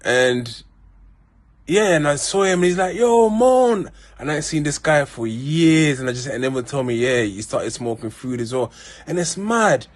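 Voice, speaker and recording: A South London man talks straight to camera in a loose, rambling way. He circles back and restarts often and drops street slang. His tone is sincere and heartfelt, pitched at a middle level. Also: lively intonation, moderate pace. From Peckham, South London. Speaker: vlogger. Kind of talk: casual storytelling monologue.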